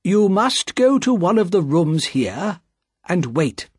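Anxious elderly banker, urgent and pleading, read by a man, raised husky voice, dry close sound. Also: high voice, very animated, slow, dry recording, pitched above the performer's own voice, heavily acted.

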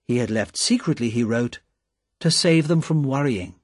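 Man, storybook narrator, calm measured reading, husky voice, dry sound. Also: medium pitch, dry recording.

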